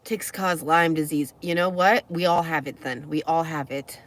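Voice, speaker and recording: A woman's voice: low voice, moderate pace. Chatty young woman vlogging from her car. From California. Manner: chatty, rambling, laughs often. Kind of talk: casual vlog chat. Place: living in a car, traveling.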